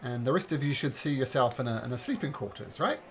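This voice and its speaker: A man narrating a tabletop game as game master, halting with fillers and restarts. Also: mid-range voice, animated, slight background noise.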